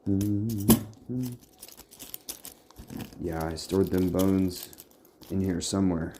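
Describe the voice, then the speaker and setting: A man's voice: low voice, drawn-out words, very noisy. A man vlogging casually from his home workshop, rambling and muttering to himself as he sorts and labels things. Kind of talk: casual talk to camera.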